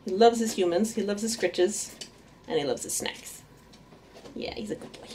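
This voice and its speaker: A woman's voice: medium pitch, moderate pace, warm tone, a little hiss or hum. A woman in a casual home vlog, chatting about her pet rats with frequent laughs and cooing baby talk to them. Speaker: artist and vlogger introducing her pet rats.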